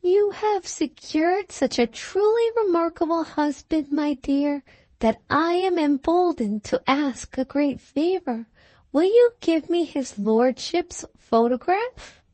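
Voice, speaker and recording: A woman voicing a prim, disapproving older society lady who speaks in shrill, bitter tones. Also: lively intonation, slow, darkish tone, no echo. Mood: indignant.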